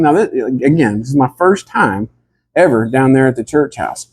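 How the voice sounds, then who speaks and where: A man telling a rambling comic story in a deadpan, drawling way and acting out what the others said. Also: mid-range voice, normal speed, breathy edge. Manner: drawling, rambling, acts out the other people's lines.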